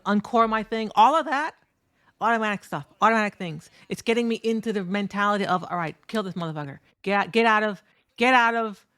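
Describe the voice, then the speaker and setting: A woman recounting a tournament over her match footage in a candid, profane, animated way. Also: a little high, no echo, studio quality. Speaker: streamer and competitive fighting game player.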